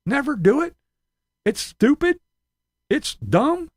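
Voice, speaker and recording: A man's voice: extremely high pitch, very animated, takes it slowly, dry recording. A man ranting in profane, sarcastic commentary, laughing between his jabs. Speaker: commentary channel host.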